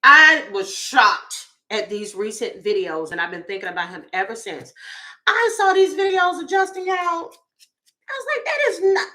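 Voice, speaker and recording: A woman in her forties dishes celebrity gossip in a loose, goofy, chatty way, and she keeps calling her viewers y'all. Her voice sits a little high and sounds very bright and crisp. She is a tarot reader talking off the cuff. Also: very animated, measured pace. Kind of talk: casual celebrity gossip commentary.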